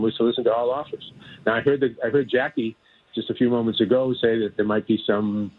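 A man calling in as a guest broadcaster, talking in a measured, thoughtful way with some filler pauses. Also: mid-range voice, slightly rough. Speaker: phone-in guest, team broadcaster. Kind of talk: casual radio chat. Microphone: telephone. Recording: tinny phone line.

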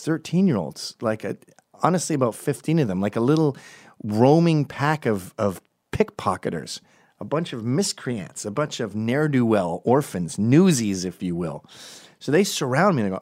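American guy, low voice, lively up-and-down storytelling, digressive comic monologue, dry sound. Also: moderate pace, no echo. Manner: rambling, digressive, deadpan asides.

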